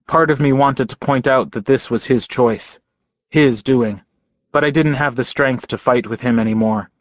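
A man narrating a novel in first person, quiet, measured and intimate. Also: mid-range voice, no echo. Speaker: audiobook narrator. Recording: dull, dry lo-fi recording.

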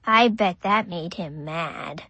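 A woman's voice: lowish voice, slow pace, pushed and bright, slightly rough, no room sound, heavily acted. A woman voicing a curious, innocent five-year-old boy who narrates in a childlike, literal way. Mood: wondering. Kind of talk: audiobook narration.

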